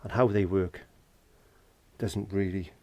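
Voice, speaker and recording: Low and steady, the man's voice moves slowly, and the recording sounds muffled. He's a Welsh painting tutor in a garden shed, running a casual lesson while chatting, cracking jokes and talking to himself as he works.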